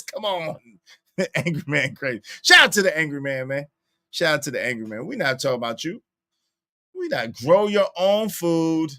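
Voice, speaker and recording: A man's voice: a little high, normal speed. A young man hosting a casual livestream, reading the chat aloud and teasing viewers with lots of repetition. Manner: animated, teasing, repeats lines to the chat.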